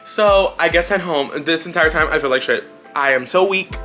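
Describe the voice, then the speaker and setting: Man, vlogger, casual storytime, candid, wry, swears freely, fairly high, bright tone. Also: normal speed, faint music behind.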